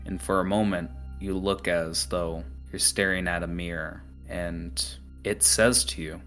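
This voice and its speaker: A man narrating as the game master of a tabletop role-playing game, describing scenes in a relaxed way with frequent fillers. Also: deep voice, a little slow, few pauses, faint music behind.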